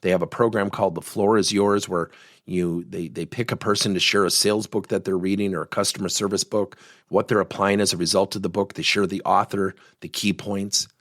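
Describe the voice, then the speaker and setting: A middle-aged man hosting a coaching podcast, telling a work story in an animated, personal way. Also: deep voice, brisk, dry recording, clean studio sound. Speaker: podcast host and workplace coach. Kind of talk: podcast monologue.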